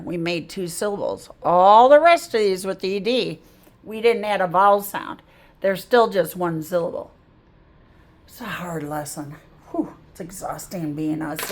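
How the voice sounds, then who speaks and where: A woman's voice: medium pitch, animated, moderate pace. A middle-aged woman teaching a phonics lesson as a reading tutor, patiently sounding out each word aloud.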